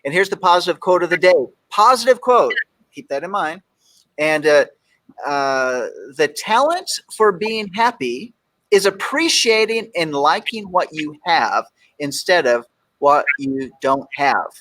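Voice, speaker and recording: A middle-aged man hosts a casual talk show, cracking jokes and punching up each quote he reads. His voice sits a bit high for a man. He comes from Texas. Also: very animated, unhurried, fairly bright tone. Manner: jokey, reads quotes aloud with emphasis. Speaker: radio show host.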